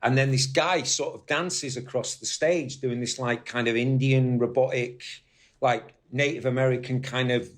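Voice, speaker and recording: Animated storytelling man from northwest England. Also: mid-range voice, normal speed. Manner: rambling, animated anecdotes with swearing. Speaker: guest musician. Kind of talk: casual storytelling interview.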